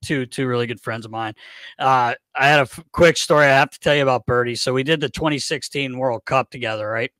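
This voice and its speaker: A man hosting a podcast, telling a long, profane, animated story in a casual chat. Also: mid-range voice, fast, no room sound. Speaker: podcast host.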